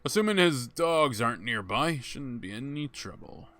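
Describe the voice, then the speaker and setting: Chatty man streaming a game, bright voice. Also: medium pitch, sing-song, moderate pace, faint music behind. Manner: chatty, thinks aloud, laughs at himself. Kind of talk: casual gameplay commentary.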